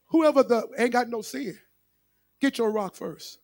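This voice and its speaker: A man's voice: very high-pitched, measured pace, vocal fry, darkish tone, no room sound, studio quality. A male pastor preaching a sermon with emphatic repetition, speaking straight to his congregation.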